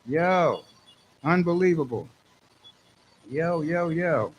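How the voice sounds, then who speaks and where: A man hosting a radio show in a studio, excitable and fond of repeating his lines for emphasis. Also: fairly high pitch, slow, pauses often, slight background noise, rough recording. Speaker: radio host.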